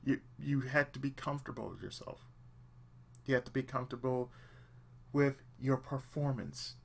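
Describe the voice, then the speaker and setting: A man's voice: mid-range voice, normal speed, creaky, breathy edge. A man hosting a let's play channel, giving earnest, emphatic advice in casual talk and often repeating himself for emphasis. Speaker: let's play host, aspiring voice actor.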